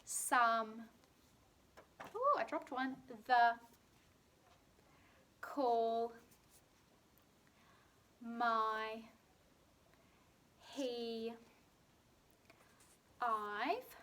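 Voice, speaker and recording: A woman teacher with a British accent leads a phonics lesson for young children. She speaks slowly, in a slightly high voice, sounding out each word with clear emphasis. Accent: British English. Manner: slow, clearly sounded-out words with bright emphasis. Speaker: primary school teacher.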